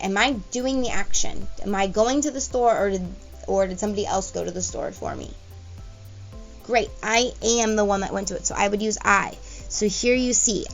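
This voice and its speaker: Patient woman teacher, slow examples. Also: medium pitch, fairly bright tone. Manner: patient and explanatory, stretching example sentences slowly. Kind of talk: recorded grammar lesson for young students. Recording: dull lo-fi recording with faint music.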